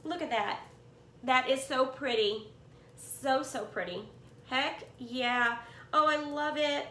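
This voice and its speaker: A woman's voice: sits high, slow pace, roomy sound, a little hiss or hum. A middle-aged woman, gushing as she unboxes yarn from a swap and chats to her viewers in a cluttered room at home. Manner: gushing, excitable, talks to viewers as friends. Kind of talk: casual unboxing chat.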